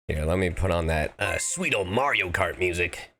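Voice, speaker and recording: A man's voice: deep voice, animated, moderate pace, fairly bright tone, a little hiss or hum. A man chatting casually on a live stream, playful and a bit goofy, slightly sick with a cough. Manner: playful, goofy asides and repeated phrases.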